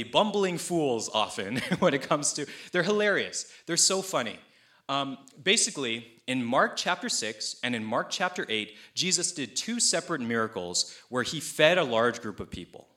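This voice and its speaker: A young pastor delivers his sermon with a bright, forward tone. He talks conversationally and tells stories with energy. He voices the people he quotes with playful asides. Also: medium pitch, sing-song, moderate pace.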